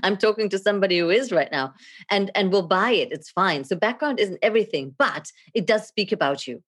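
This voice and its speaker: A middle-aged woman, a video and leadership coach, speaking as a guest in a podcast interview in a theatrical, animated way, laughing often. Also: mid-range voice, brisk, slightly rough.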